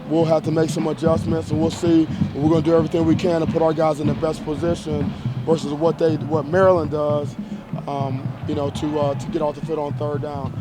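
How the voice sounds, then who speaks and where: A college football head coach takes reporters' questions after a game, his answers measured and emphatic, with frequent restarts and repeated phrases. He speaks on the higher side, and the press conference has heavy background noise.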